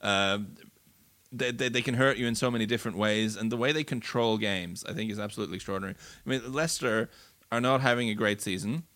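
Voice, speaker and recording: A man talks through football results in a relaxed podcast chat, his voice bright and forceful though pitched a little low. He restarts sentences and repeats words as he thinks aloud. The sound is dry and close. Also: quick pace, dry recording. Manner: fluent but full of restarts and repeated words. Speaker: football pundit. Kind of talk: casual sports podcast analysis.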